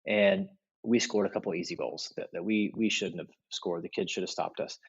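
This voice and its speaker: A middle-aged man talks as a podcast guest, husky and fairly low-pitched. The recording is dull and lo-fi. He tells stories in a relaxed, animated way. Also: moderate pace. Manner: animated, acts out quoted voices in stories. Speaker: podcast guest, leadership speaker. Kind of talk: casual interview storytelling.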